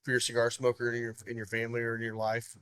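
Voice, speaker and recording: A man's voice: mid-range voice, completely flat delivery, rapid-fire, a bit bright, clear, resonant tone, no room sound, studio quality. A man co-hosting a casual podcast, easygoing and loose, restarting his sentences. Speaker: podcast co-host. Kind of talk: casual chat.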